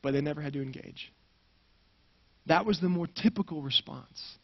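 A man's voice: fairly high pitch, moderate pace, muffled recording. A man preaching a sermon, telling a personal story and acting out the dialogue with energy.

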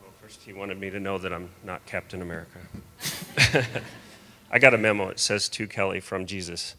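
A man's voice: low voice, steady tone, moderate pace, sharp tone, a little hiss or hum. A man from the congregation reading his personal letter aloud with good humor.

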